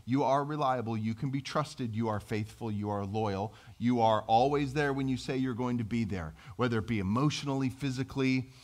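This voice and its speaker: A man's voice: medium pitch, fairly quick, few pauses, a little mellow. A middle-aged man preaching a sermon as pastor, in a conversational, self-deprecating way with acted-out quotes.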